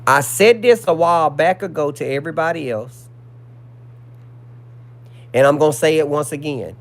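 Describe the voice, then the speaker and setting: High-voiced indignant man on a livestream. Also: normal speed. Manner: indignant, reads messages aloud to viewers. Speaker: livestream host. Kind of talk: casual livestream commentary.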